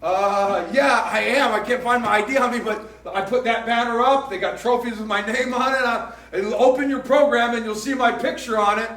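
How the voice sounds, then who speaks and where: A man's voice: extremely high pitch, steady tone, normal speed, few pauses, a bit bright. A man voicing a famous basketball star who earnestly insists he is who he says he is. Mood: insistent. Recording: roomy echo from far off.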